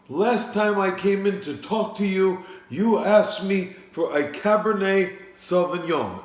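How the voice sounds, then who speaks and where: A man putting on the voice of a flustered, indignant older man who rants and complains loudly, recorded in a home studio. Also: sits high, reverberant, pitched above the performer's own voice. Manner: shouty, exasperated, drawn-out complaining.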